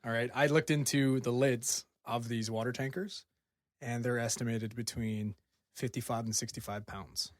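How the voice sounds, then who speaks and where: A young man with a middle-of-the-road pitch, talking into a close, dry mic. He tells his story with excited energy, jokes around and laughs often. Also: moderate pace, no room sound. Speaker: podcast co-host. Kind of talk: casual chat.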